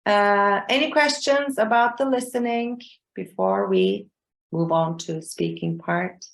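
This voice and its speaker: A woman trainer teaches a class over a video call at a middle pitch. She is patient and keeps checking in with "okay?" and "yeah?" Her voice carries a roomy echo. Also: sing-song, takes it slowly. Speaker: exam trainer. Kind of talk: live online class.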